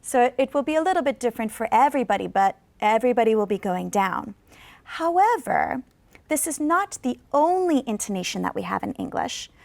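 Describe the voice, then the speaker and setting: A woman teaching an English-as-a-second-language lesson on television, speaking patiently and encouragingly and modeling example sentences slowly for learners to repeat. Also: on the high side, animated, creaky, darkish tone, dry recording. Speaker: ESL teacher.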